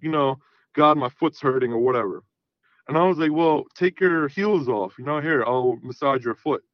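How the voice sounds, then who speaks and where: A man in his thirties calls in to a talk show and casually tells a profane story, animatedly acting out the dialogue. His voice is medium-pitched, the recording has no room sound, and the highs are cut off.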